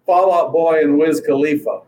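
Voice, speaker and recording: Middle-aged guy rambling on about his kid, kinda high voice, faint room hum behind. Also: fairly even intonation, normal speed, a little mellow, low-quality recording. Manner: rambling storyteller with fillers and restarts. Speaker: guest. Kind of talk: casual chat.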